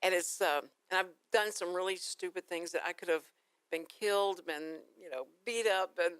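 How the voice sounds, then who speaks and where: A woman's voice: fairly low pitch, moderate pace, a bit bright, clear, resonant tone, no room sound. A woman with a Texan accent hosting a casual morning radio talk show, rambling through stories and laughing easily. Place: radio studio. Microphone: studio microphone.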